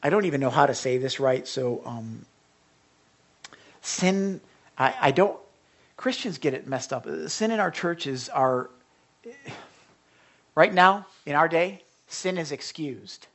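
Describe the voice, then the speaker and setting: A man's voice: fairly high pitch, expressive. A man preaching a sermon as pastor, talking conversationally, stumbling and restarting, then swelling into fervent bursts. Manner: conversational, swings from hushed asides to impassioned outbursts; halting restarts and repetitions.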